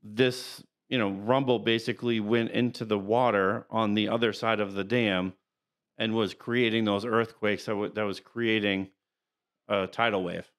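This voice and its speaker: A man co-hosting a casual podcast chat, talking in a halting, rambling way and reading out character facts. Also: fairly low pitch, fairly even intonation, a bit bright. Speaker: podcast co-host.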